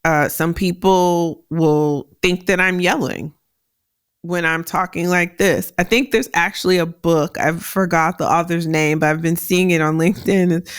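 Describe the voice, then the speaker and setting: Woman podcast host, deep carrying voice, dry close mic, straight-talking and lively. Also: a little slow, smooth, dry recording. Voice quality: deep voice that carries. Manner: direct, animated, laughs often. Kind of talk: solo career advice podcast.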